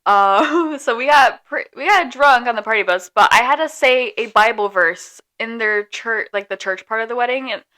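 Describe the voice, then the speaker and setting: A young woman co-hosting a podcast, telling a story in a giggly, quick way. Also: on the high side, bright, forceful tone. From Polish family. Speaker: podcast co-host. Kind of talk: casual chat.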